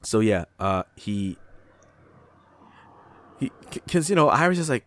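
A man's voice: lowish voice, very animated, measured pace, long pauses, a bit bright. A man in casual chat, rambling and swearing a lot while retelling a show's plot. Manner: profane, rambling, acts out characters' lines.

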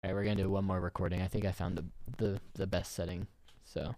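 A woman's voice: extremely low pitch, level tone, quick pace, mellow, dry recording. A woman hosting a podcast, chatting casually and teasing with lots of laughter over a voice call. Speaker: podcast host. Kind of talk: casual chat. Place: home, on a voice call.

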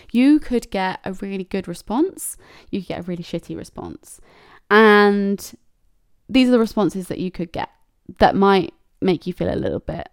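A woman's voice: medium pitch, no room sound, studio quality. Blunt, swearing woman giving advice. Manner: candid and blunt, swears freely, acts out quoted messages. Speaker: podcast host. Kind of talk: casual advice monologue.

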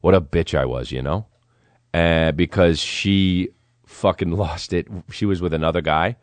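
A man with a somewhat low voice hosts a comedy podcast and tells a story full of swearing and false starts. He gets excitable and keeps tripping over his own sentences. The recording is close and dry. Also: unhurried, dry recording. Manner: excitable, profane, rambling with restarts. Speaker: podcast host.

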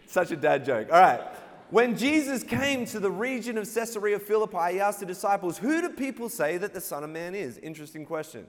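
High-voiced playful pastor in a reverberant hall. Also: male voice. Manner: playful, call-and-response with congregation, laughs at own jokes. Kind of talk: sermon.

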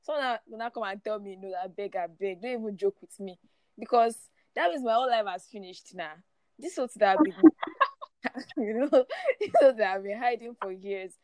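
A woman's voice: fairly high pitch, animated, moderate pace, darkish tone, no echo. Woman telling her story, dry sound. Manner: laughs often while telling, restarts and repeats words. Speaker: guest speaker. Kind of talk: personal testimony in conversation.

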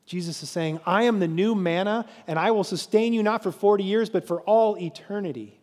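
A pastor preaching a sermon, telling the story with animated crowd voices. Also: male voice, high voice, a little fast, in a large hall.

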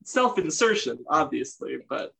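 A man voice actor in a casual group chat, talking quickly with hesitant fillers. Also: fairly high pitch, big pitch swings, vocal fry, pushed and bright, rough recording. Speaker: voice actor on the show.

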